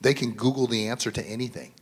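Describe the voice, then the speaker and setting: A man's voice: mid-range voice, fairly even intonation, quick pace, slightly rough. A man in his thirties or forties speaking at a school mental health symposium, earnest and conversational with many fillers and restarts. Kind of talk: symposium panel talk. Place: school event.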